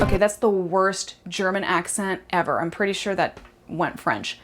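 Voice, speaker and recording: A woman's voice: fairly low pitch, moderate pace, over loud music. A woman hosting a casual cooking video from her kitchen, bubbly and joking at her own expense. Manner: bubbly, playful and self-mocking. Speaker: cooking show host. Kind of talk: casual on-camera cooking vlog. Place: home kitchen.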